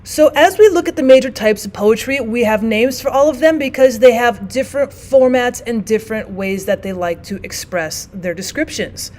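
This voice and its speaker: Female teacher, fairly high pitch, patient classroom explainer who slows down to read poems. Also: a little mellow. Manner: explains step by step, reads poems aloud slowly. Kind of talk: classroom lesson.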